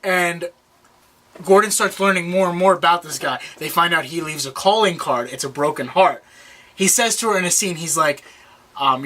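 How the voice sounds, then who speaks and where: Bright-voiced young man, rambling recap. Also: fairly high pitch, moderate pace. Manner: rambling, many restarts, acts out quoted lines. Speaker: podcast co-host. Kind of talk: casual chat recapping a TV episode.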